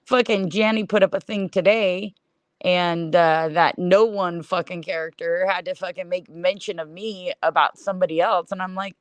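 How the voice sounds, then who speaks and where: A middle-aged woman rants on a livestream, blunt and scornful, swearing in nearly every sentence. Her voice sits a little low for a woman. The sound is dry and close, with no room echo. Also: moderate pace. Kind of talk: profane livestream rant.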